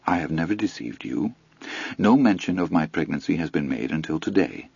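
A man's voice: extremely low pitch, animated, moderate pace, gravelly, a little mellow, breathy edge, no room sound, dull audio, full character voice. A man voicing a proud young woman, recently fired, who speaks in a precise and dignified way. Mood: indignant.

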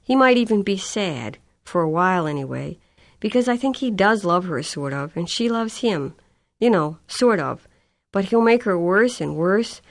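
A woman's voice: medium pitch, animated, normal speed, close to an everyday voice. A woman voicing an anxious young girl. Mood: worried.

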